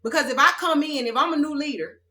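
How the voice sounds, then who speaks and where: Sassy preaching woman with a bright voice. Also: high voice, fast, a little hiss or hum, low-quality recording. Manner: sassy, confrontational, slangy and direct. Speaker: self-described spiritual teacher. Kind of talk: preachy spiritual vlog monologue.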